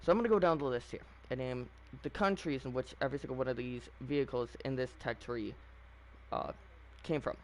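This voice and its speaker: Guy ranting casually about a game, lots of uh and like, restarts his sentences, mid pitch. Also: brisk, slight background noise. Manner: opinionated, rambling, frequent fillers and restarts. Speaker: gaming channel host. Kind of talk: casual gameplay commentary.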